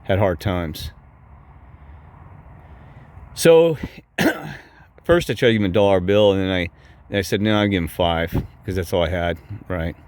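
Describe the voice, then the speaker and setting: A man's voice: low voice, a little slow, pauses often, darkish tone. A man telling a rambling, heated story to his viewers. He curses often, keeps repeating "I said", and his voice jumps up when he quotes himself. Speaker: vlogger telling a personal story.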